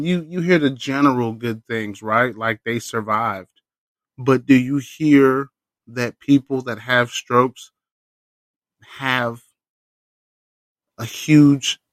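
A man hosts his own podcast and talks through a personal story alone. His delivery is loose, profane and animated. His voice sits at an ordinary middle pitch, and the recording is close and dry with no room sound. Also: dry recording. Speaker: podcast host. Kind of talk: casual solo storytelling.

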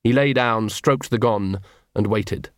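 A man's voice: fairly low pitch, slow, no echo. A man narrating a comic fantasy audiobook in a dry storytelling manner. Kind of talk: scripted narration.

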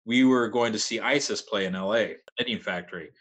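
Laid-back man with a low voice. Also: a little fast, fairly bright tone. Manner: rambling, laid-back, with frequent "like" fillers. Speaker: podcast guest, metal vocalist. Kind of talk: casual storytelling chat.

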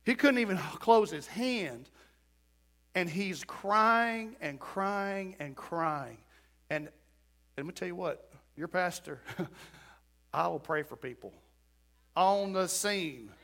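High bright-voiced male pastor preaching. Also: lively intonation, slow, long pauses. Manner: storytelling sermon with acted-out quotes and rising emphasis. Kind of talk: sermon. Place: church.

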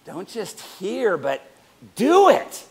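Playful, gravelly middle-aged pastor preaching. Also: male voice, sits high, takes it slowly. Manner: playful, joking, animated. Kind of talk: sermon.

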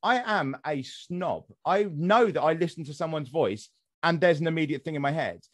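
RP English male podcast host, slightly high, dry close sound, opinionated and sweary. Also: lively intonation, normal speed, no room sound. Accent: West Sussex English, received pronunciation. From England. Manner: opinionated, swears freely, many restarts. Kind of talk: casual podcast chat.

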